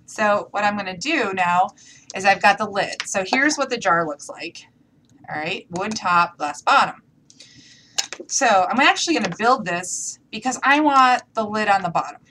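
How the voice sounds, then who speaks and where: A chatty woman walks viewers through a craft project, talking as she works. Her voice is bright and forward. A faint hiss of noise sits under it. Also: mid-range voice. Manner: chatty, talks to viewers while working. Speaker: craft demonstrator. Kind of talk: casual live craft tutorial.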